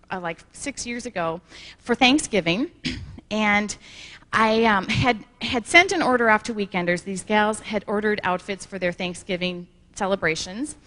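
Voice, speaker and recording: A woman giving a motivational talk at a sales conference, telling folksy stories and clearing her throat often. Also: a little high, bright, forceful tone. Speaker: sales manager presenting at a conference. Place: conference hall.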